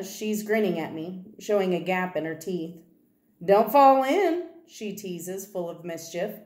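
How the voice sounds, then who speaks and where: Woman reading a novel aloud. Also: medium pitch. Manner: steady first-person storytelling. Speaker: reader of a children's novel. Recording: roomy echo.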